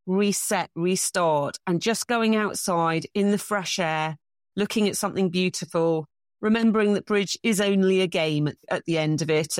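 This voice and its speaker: English woman telling lively bridge anecdotes. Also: lowish voice, no room sound, studio quality. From England. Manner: anecdotal, self-deprecating, animated storytelling. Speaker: bridge champion guest. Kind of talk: casual interview.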